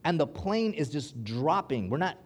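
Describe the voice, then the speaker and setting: A man preaching from the pulpit with a fairly high, lively voice. He tells his story with animated energy and pushes his pitch and volume up at the tense moments, then drops low and quiet for the prayers. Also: normal speed, slightly rough. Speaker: pastor. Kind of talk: sermon with personal story.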